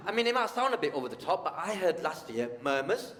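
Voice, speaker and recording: A man doing a stand-up comedy set, his pitch swinging about as he teases the crowd. He sounds a touch high for a man, and a long theatre reverb trails his words. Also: big pitch swings, fast talker, fairly bright tone. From United Kingdom. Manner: conversational, teasing, addresses the audience. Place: large theatre stage.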